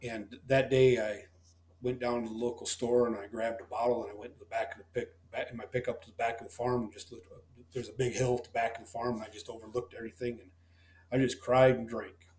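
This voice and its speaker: A man's voice: mid-range voice, little pitch movement, fast talker, a little mellow. A middle-aged man, a dairy farmer telling his story in a plainspoken, folksy way as a podcast guest. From Missouri. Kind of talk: heartfelt storytelling in a podcast interview. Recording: roomy echo.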